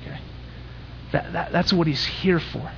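A young man with a high voice preaching a sermon in a church. He talks conversationally but presses hard on his points and climbs to intense peaks. The sound is dull and lo-fi. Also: steady tone, measured pace, vocal fry, husky. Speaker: pastor.

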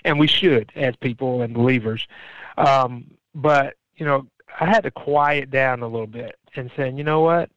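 A middle-aged man from Florida, a pastor, telling his faith stories in an earnest, animated way in a conversational interview. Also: measured pace, no echo. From Jacksonville, Florida. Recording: dull, dry low-fi sound.

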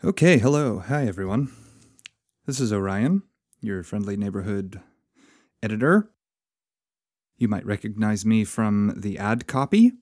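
A man reads a story from his home with a lively, expressive voice that rises and falls a great deal across each sentence. His voice sits in an ordinary middle register, recorded dry and close with no room sound. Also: on the low side, a little slow, pauses often, no room sound. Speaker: story reader and podcast engineer. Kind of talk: scripted narration.

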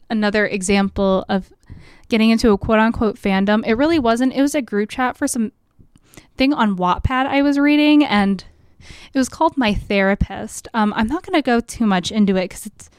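A young woman talks in a loose, rambling monologue, sprinkling "like" everywhere and laughing often. Her voice is smooth and a little high. The studio sound is close and dry. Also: moderate pace, no echo. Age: young adult. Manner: chatty, filler-heavy with frequent "like", laughs often. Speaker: podcast host. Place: college radio studio.

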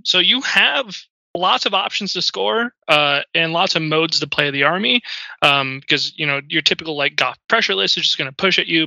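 Man, sharp tense voice, dry close sound, dull lo-fi audio, casual rambling podcast chat. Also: fairly high pitch, vocal fry, dry recording. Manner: rambling, full of ums and uhs. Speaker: podcast guest.

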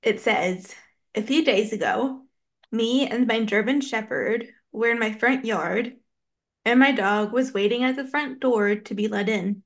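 Giggly woman co-host, higher voice, reads stories at an unhurried pace. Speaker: podcast co-host. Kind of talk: casual chat, reading stories aloud.

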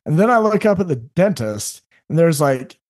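A man's voice: fairly high pitch, sing-song, a little mellow. Earnest middle-aged man telling his story. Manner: earnest storyteller who voices others in quick asides. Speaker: guest, life coach. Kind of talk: candid podcast conversation.

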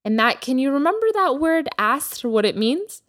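Animated woman teaching a language. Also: sits high, dry recording, clean studio sound. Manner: clear teacherly delivery, slows down for vocabulary. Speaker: Persian teacher, podcast host. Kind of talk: language lesson podcast.

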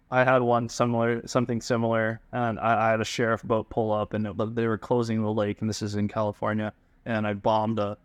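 A man from Hawaii, a pro bass angler, telling fishing stories as a guest in a casual, animated way with lots of fillers. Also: no room sound. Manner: animated, full of fillers and restarts. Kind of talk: casual storytelling.

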